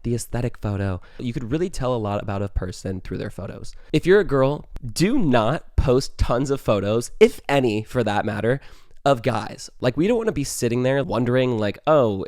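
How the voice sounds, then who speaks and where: A man's voice: mid-range voice, darkish tone, dry recording, studio quality. A young man hosting a podcast, giving dating advice in a chatty, casual way, full of "like" and breaking into the odd sweary rant. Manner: chatty, heavy use of "like", swears when ranting. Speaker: podcast host.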